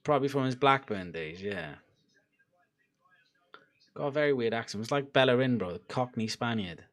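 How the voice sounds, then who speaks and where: Young male fan streamer, casual and animated, bouncy voice, loud yelps at near-misses. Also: mid-range voice, moderate pace. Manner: excitable, laughing, loud outbursts at chances. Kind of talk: live watchalong chat.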